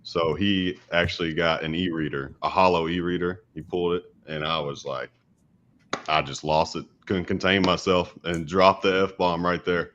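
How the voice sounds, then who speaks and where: A man with a very deep, low voice chats in a laid-back way as a streamer guest. His audio is dull and lo-fi, with a faint hiss underneath. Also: level tone, normal speed, a bit bright. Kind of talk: casual chat.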